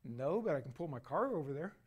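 A man with a fairly high voice preaches a sermon to his congregation, his volume rising and falling as he leans hard on key phrases. He stretches out important words slowly and has the people repeat lines back to him. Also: very animated, slightly rough, dull audio. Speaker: pastor.

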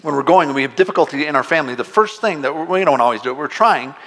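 A man delivers a sermon as pastor with his voice pitched a touch high for a man. He keeps it conversational and playful, then lifts his voice emphatically on the big points. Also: animated, very fast, a bit bright. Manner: conversational preaching with playful asides; emphatic, rising on exclamations.

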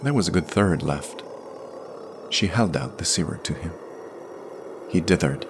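A man reads a fiction podcast in a measured, plain storytelling voice. His pitch sits very low. A steady hiss lies under the whole recording. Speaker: narrator. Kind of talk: scripted story narration.

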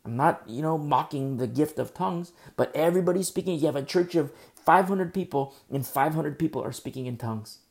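A man's voice: on the high side, fairly quick, gravelly, few pauses. A man preaching a sermon as pastor, building through emphatic rhetorical questions.

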